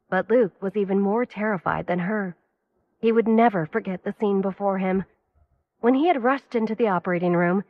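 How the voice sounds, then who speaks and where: A woman's voice: medium pitch, narrow, tinny audio. Woman narrating an audio story.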